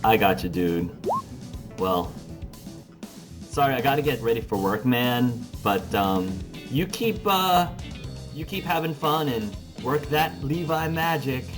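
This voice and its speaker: A man's voice: medium pitch, lively intonation, over music. A man playing a chatty, easygoing young male guitarist in a tabletop role-play, rambling with lots of fillers. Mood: relaxed. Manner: casual, rambling, drawn-out filler words. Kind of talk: tabletop role-play over phone call.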